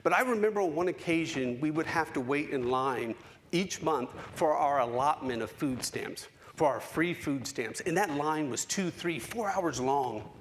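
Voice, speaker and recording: A man in his forties giving a keynote speech, telling a personal story with dramatic pauses and emphasis. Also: on the high side, expressive, slight background noise. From United States. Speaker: keynote speaker. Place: conference hall stage.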